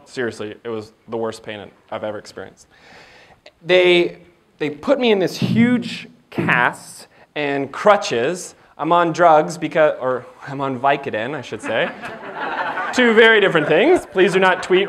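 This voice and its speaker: A man giving a motivational keynote in an event hall, telling a story in an animated, jokey way and acting out the dialogue. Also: fairly high pitch, unhurried. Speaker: keynote speaker. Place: event hall before a live audience.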